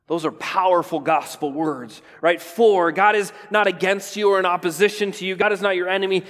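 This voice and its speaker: A man preaching a sermon, pausing for effect and dropping to a near whisper on key words, often asking "right?". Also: high-pitched, fairly even intonation, fairly bright tone. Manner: preaching with restarts and rhetorical "right?". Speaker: pastor. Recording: long hall reverb.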